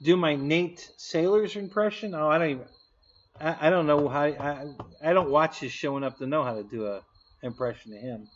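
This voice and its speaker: A man's voice: on the high side, moderate pace. A man hosting a casual live stream, answering chat with jokes and frequent laughter. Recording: dull lo-fi stream audio.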